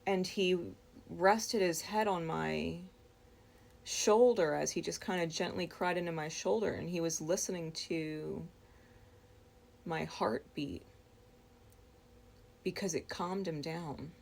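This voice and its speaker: A woman with a low, gravelly voice tells of a dream she had. She talks very slowly and thoughtfully, pausing often and restarting her words as she goes. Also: steady tone, a little mellow. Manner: slow, reflective, with frequent pauses and restarts. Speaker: storyteller. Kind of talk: recounting a dream.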